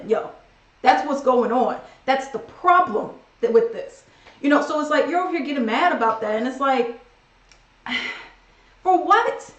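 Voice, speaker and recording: Animated woman vlogger, echoey room. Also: sits high. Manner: animated, conversational, slangy. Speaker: vlogger giving opinion. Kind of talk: casual opinion monologue.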